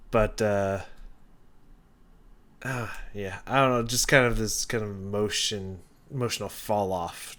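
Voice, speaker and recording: A man's voice: on the low side, a bit bright. A man casually breaking down a song as a reaction host, rambling and thinking aloud with many restarts and fillers. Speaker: music reaction youtuber.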